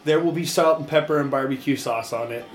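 A man hosting a casual chat, joking loosely, swearing often and giving shout-outs to friends. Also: mid-range voice, fast. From Canada. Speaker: podcast host.

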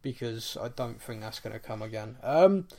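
In casual chat, a podcast co-host rambles, laughs, and makes fun of himself. His mid-range voice is warm and animated, moving at a moderate pace.

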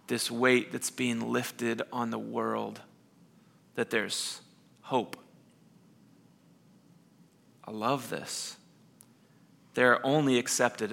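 A man pastor preaching a sermon, dropping to soft hushed lines and rising to loud emphatic bursts. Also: medium pitch, creaky.

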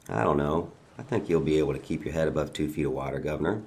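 A man reading a dramatic monologue as a father who calmly taunts a bound governor, his manner quiet, mocking and menacing. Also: extremely low pitch, fast, creaky, hardly any pauses, slight background noise.

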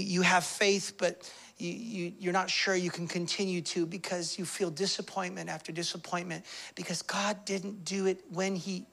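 A man preaching a sermon as pastor, impassioned, swinging between hushed confession and loud declarations. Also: high-pitched.

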